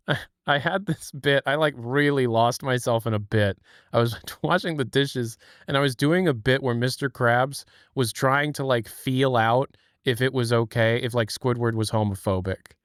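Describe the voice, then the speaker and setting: A man hosts a casual live stream, rambling, laughing, and chatting with lots of fillers in a medium-pitched, slightly bright voice at a moderate pace. The audio is clean studio sound without room reverb.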